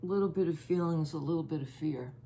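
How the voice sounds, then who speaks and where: A woman giving a casual tarot reading, musing and halting as she thinks aloud over each card. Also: low voice, warm tone, a little hiss or hum. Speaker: tarot reader.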